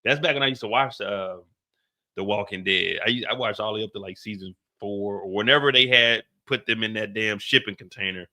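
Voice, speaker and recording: A man's voice: fairly low pitch, brisk, pushed and bright. A man hosting a casual live reaction stream, talking in loose, profane, slangy banter and laughing often.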